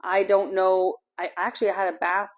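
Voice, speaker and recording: A woman's voice: medium pitch, little pitch movement, moderate pace. A middle-aged woman from Canada, chatting casually to camera as an expat vlogger, rambling a little and laughing easily.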